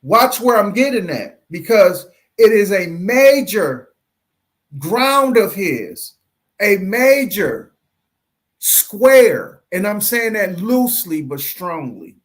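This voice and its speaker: Slow preachy Southern man. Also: high-pitched, very animated. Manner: preachy, rhetorical questions, drawn-out emphasis. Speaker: panelist. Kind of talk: livestream commentary.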